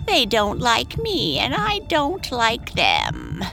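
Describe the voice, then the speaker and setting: A woman voicing a lonely, grumpy old witch in a read-aloud storybook, sulky and shrill. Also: huge pitch swings, slow pace, gravelly, bright, forceful tone, soft background music, exaggerated voice. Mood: spiteful.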